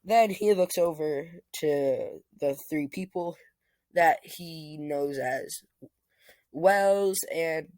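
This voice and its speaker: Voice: mid-range voice, drawn-out words, darkish tone, dry recording. A young adult improvising a fan story, rambling with many fillers and restarts.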